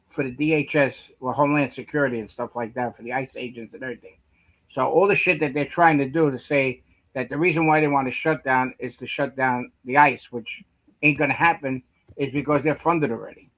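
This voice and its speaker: A man's voice: medium pitch, fairly even intonation, moderate pace, fairly bright tone, rough recording. A man with a Brooklyn accent, co-hosting a casual chat, telling stories in a rambling way that repeats phrases and swears. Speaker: co-host.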